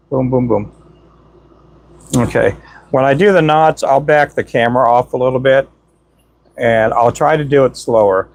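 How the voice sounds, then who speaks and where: Talking as he works with his hands, a male livestream host chats casually with viewers and shows how to tie knots for jigs. He says "boom" often throughout the demonstration.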